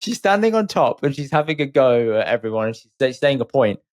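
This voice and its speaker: A man co-hosts a podcast in easy, casual chat. His voice sits at a middle pitch. He makes wry, joking remarks. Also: sing-song, a little fast, darkish tone. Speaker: podcast co-host.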